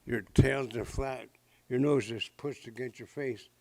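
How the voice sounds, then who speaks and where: A man's voice: medium pitch, steady tone, unhurried, vocal fry, no room sound. A man voicing teasing animal brothers who mock their sibling's looks. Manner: mocking.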